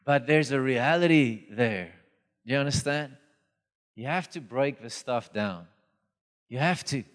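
A man preaching a sermon, telling stories lively and acting out the voices in them. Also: mid-range voice, unhurried. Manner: animated storytelling, acts out dialogue. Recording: long reverb of a hall.

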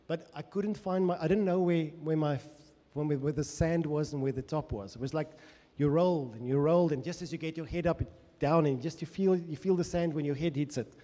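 A man's voice: fairly high pitch, fairly quick, hardly any pauses, dark tone. A man from South Africa preaching a sermon with passion, often speaking in first person as the psalmist. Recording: long echo of a large hall.

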